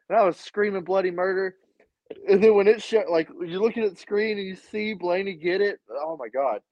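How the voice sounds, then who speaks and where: An excitable man telling a story loosely and swearing freely, his voice a little higher than most. The sound is dry and dull, a lo-fi remote line through earbuds that drops in and out. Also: normal speed, no echo. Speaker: podcast co-host. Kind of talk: casual chat. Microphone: AirPods.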